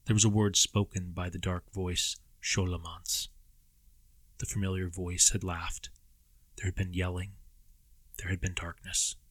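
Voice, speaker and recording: A man narrating a dark story in a measured, somber way. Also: low voice, flat delivery, breathy edge, no echo. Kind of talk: scripted audiobook narration.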